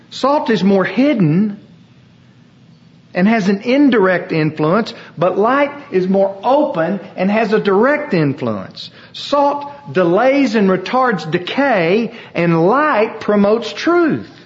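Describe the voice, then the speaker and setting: A man's voice: high voice, muffled recording. A man preaching a sermon as pastor, with an emphatic, repetitive cadence.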